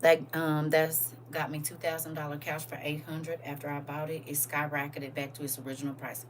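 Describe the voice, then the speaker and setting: Bright-voiced woman chatting live with viewers. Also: low-pitched, very animated, moderate pace, recorded from a distance, a little hiss or hum. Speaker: livestream host. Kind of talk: casual live chat with viewers.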